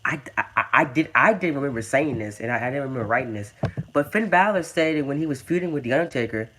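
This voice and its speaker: A man's voice: mid-range voice, lively intonation, fast, fairly bright tone, slight background noise. A young man hosting a casual gaming video, stammering and repeating words, calling people dude and man. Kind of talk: casual game commentary.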